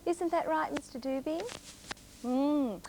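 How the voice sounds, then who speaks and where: A young woman presenting a children's TV show in a coaxing, sing-song way, speaking slowly to small children on a clip-on mic in a studio. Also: high-pitched, mellow, a little hiss or hum. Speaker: children's TV host. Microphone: clip-on mic on jumper.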